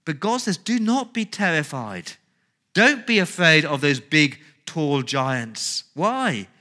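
Male pastor, sermon delivery, bright edge, slightly high, emphatic and questioning. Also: sing-song, slow pace. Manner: emphatic preaching with rhetorical questions and repetition.

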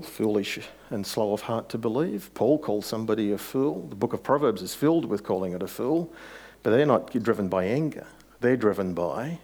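A man's voice: lowish voice, a little mellow. A man preaching a sermon as pastor, conversational, with rhetorical questions and rising emphasis.

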